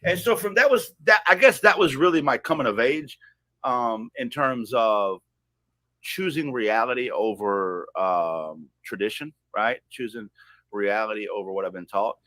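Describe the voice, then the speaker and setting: A man on a podcast telling a personal story in a heated, profane way, swinging from loud outbursts to hushed asides. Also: medium pitch, lively intonation, a little slow, no echo. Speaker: podcast guest.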